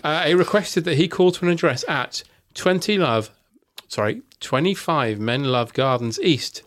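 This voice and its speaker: A man hosting a podcast, telling a true story in casual chat with wry, deadpan asides. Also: a little high, moderate pace.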